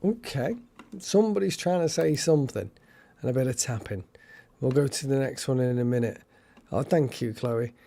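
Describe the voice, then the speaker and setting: A man hosting a casual live stream, chatty and excitable, thanking viewers by name. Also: medium pitch, normal speed, creaky, a little hiss or hum.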